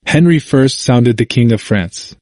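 A man reading a historical narrative aloud in a measured, even manner. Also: mid-range voice, dry recording. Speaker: audiobook narrator.

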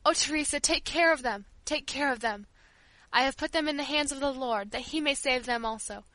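A woman's voice: high-pitched, a little fast, pushed and bright, no echo, rough recording. A woman voicing a devoted old female family servant who speaks tenderly and earnestly.

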